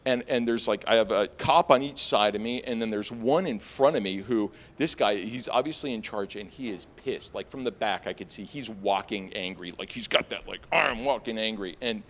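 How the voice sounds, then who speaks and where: A young man tells a personal story live on stage, casual and animated, using lots of fillers. His voice jumps suddenly high when he quotes his own panic. He keeps a moderate pace with hardly any pauses.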